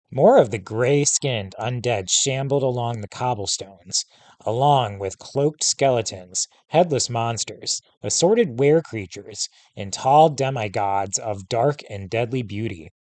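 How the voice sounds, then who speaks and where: A man's voice: medium pitch, darkish tone, dry recording. Man reading a story aloud, dry sound. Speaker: teacher reading a novel aloud. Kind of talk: storybook narration.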